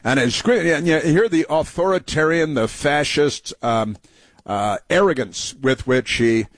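A man's voice: a little high, a little slow, no echo. Combative male talk host, dry studio sound. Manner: combative, mocking, many fillers. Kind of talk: political commentary over played clips.

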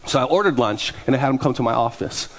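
Animated storytelling male pastor. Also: mid-range voice, quick pace. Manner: animated, conversational, acts out voices. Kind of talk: storytelling sermon.

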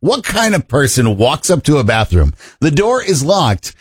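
A man's voice: on the high side, big pitch swings, normal speed, slightly rough, dry recording, clean studio sound. A man co-hosting a radio show, ranting indignantly in casual banter. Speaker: radio co-host.

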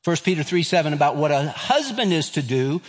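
A pastor in his fifties delivers a sermon in a slightly higher voice, reading scripture and telling a self-deprecating story. His voice rings with the long reverb of a large hall. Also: very animated, fairly quick. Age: 50s.

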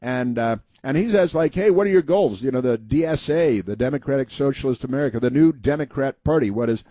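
A man's voice: mid-range voice, brisk, dark tone, dry recording. A man hosting a talk radio show, telling a rambling story in a folksy way with many fillers and restarts. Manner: folksy storytelling, acting out quoted voices.

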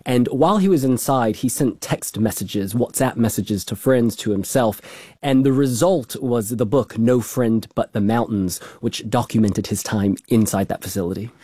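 A man, speaking as an arts correspondent in a measured, reflective way. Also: mid-range voice, dark tone, no echo, studio quality. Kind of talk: radio discussion.

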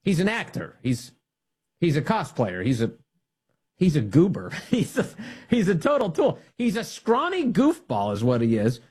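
A man's voice: on the high side, wildly swooping pitch, moderate pace, a little mellow, breathy edge. A man hosting a radio talk show, giving scornful, mocking political commentary and laughing at his targets.

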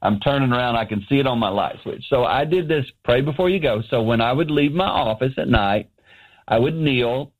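A man's voice: medium pitch, low-quality recording. A middle-aged man, a ministry founder, telling an earnest personal story as a radio guest from his office. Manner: earnest, anecdotal, animated quoting.

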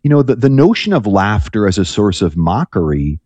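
A low, mellow male voice, a priest on a radio call-in show. He talks reflectively, often restarting his sentences, and the sound is dry and close. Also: sing-song, normal speed, dry recording, highs cut off. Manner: thoughtful, rambling with frequent restarts.

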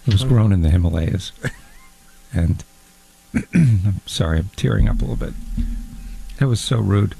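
A man's voice: lowish voice, animated, unhurried, vocal fry, long pauses, dark tone, poor audio. A man playing Fondue Guy, a stammering fussy man. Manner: hesitant, stammering, prissy and easily hurt. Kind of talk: comedy sketch.

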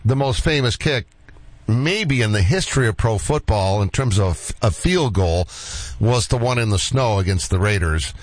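A man hosting a casual interview, asking questions in a relaxed, conversational way. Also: fairly low pitch, normal speed, no room sound, poor audio.

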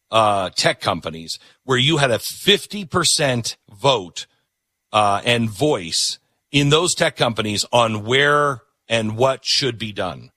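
A man's voice: mid-range voice, bright, forceful tone, no room sound, studio quality. A man hosting a talk show, delivering an opinionated, emphatic monologue that repeats words for punch.

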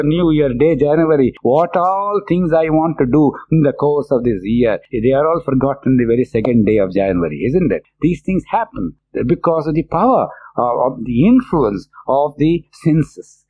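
A man's voice: medium pitch, slight background noise. A man giving a religious discourse on scripture, earnest and emphatic, often repeating his phrases. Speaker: spiritual lecturer. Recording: tinny phone-like audio.

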